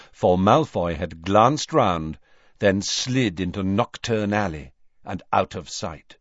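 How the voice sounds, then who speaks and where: A man narrating a storybook aloud in a measured, expressive reading. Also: deep voice, dry recording, highs cut off. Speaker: audiobook narrator. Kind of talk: scripted narration.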